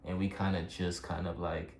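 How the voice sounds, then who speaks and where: A man's voice: low-pitched, little pitch movement, moderate pace, creaky. A young man telling a personal story in a casual, rambling way, earnest and emotional, full of fillers. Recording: echoey room with faint background noise.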